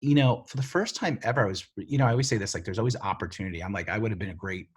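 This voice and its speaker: A middle-aged man, a TV writer and showrunner, telling stories in a casual interview, lively and full of fillers, acting out the voices of other people. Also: lowish voice, racing, slightly rough. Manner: animated, filler-heavy storyteller who acts out quoted voices.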